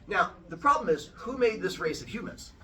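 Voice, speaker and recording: A man's voice: high voice, very animated, fairly quick, fairly bright tone. Playful male teacher telling a myth. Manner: playful, asks the class questions. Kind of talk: animated storytelling lesson to children. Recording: from far off in a classroom.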